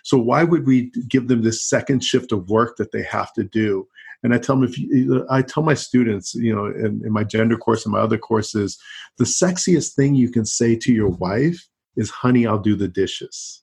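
A man's voice: mid-range voice, normal speed, gravelly, darkish tone, breathy edge. A middle-aged man, a college teacher, talking as a guest in an easygoing, rambling interview. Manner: rambling, peppered with "you know, and so on". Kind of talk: conversational interview.

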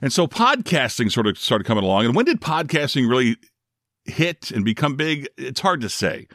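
A man's voice: mid-range voice, sing-song, normal speed, fairly bright tone, no room sound, clean studio sound. A middle-aged man from Northeast Ohio, a former radio DJ, hosting his own podcast in a chatty, self-deprecating way. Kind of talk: casual solo podcast monologue.

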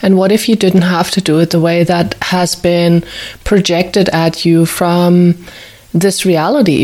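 A woman hosting a reflective talk, speaking softly and slowly as she guides listeners through gentle questions. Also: on the low side, steady tone. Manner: slow, soothing, asks many gentle questions. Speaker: host.

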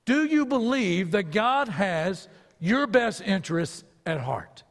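High-voiced man preaching a sermon. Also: very animated, takes it slowly, long reverb tail. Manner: earnest preaching with rhetorical questions. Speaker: pastor.

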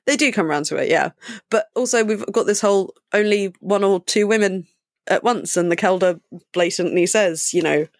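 Wry woman co-host, measured book-chat delivery, dry close mic. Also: mid-range voice, no room sound. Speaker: podcast co-host. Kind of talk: casual book discussion.

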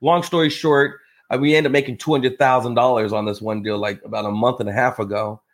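Here a male podcast guest who invests in real estate spins a casual story mid-conversation, speaking slightly quickly. His delivery is animated, and he voices each quoted person with sharp leaps in pitch.

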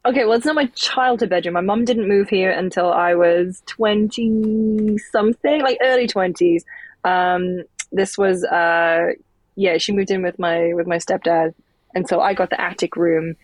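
A woman's voice: on the low side, normal speed, dry recording. A sleepy British woman hosting a podcast from an attic room, chatting loosely and swearing casually. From England. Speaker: podcast host. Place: attic room at her mother's home.

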